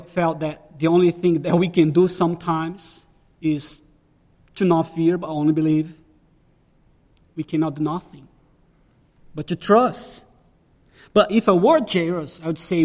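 A man's voice: fairly high pitch, a little slow, long pauses, big-room sound. A man preaching a sermon as a pastor, emphatic and repeating key phrases for weight.

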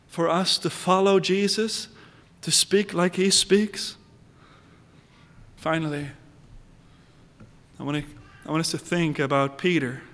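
A man preaching a sermon with dramatic swings between hushed, tender phrases and raised, pleading ones. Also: high voice. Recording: reverberant hall.

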